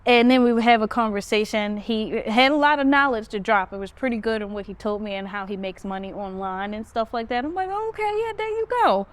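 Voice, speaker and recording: A woman hosting a podcast, casually recounting a story and jumping her pitch up high when she quotes herself. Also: a little fast, few pauses, clear, resonant tone. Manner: animated retelling, pitch jumps up when quoting herself. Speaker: podcast host. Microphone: phone.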